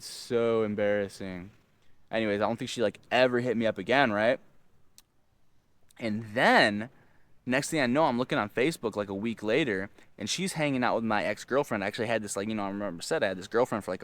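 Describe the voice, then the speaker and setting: A young man telling a personal story casually, full of filler words and slang, swinging between low mumbled asides and loud excited outbursts. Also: a little fast, no echo. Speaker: host.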